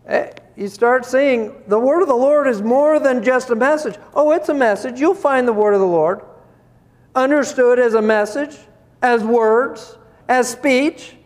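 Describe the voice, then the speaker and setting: Slow high-voiced male preacher. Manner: asks rhetorical questions, chuckles between points. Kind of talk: sermon. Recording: long hall reverb.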